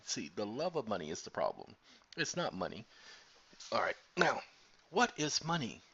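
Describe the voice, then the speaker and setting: A man's voice: on the low side, a bit bright, highs cut off. Playful preachy man on a headset mic. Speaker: channel host. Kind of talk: casual talk to camera while making hot chocolate.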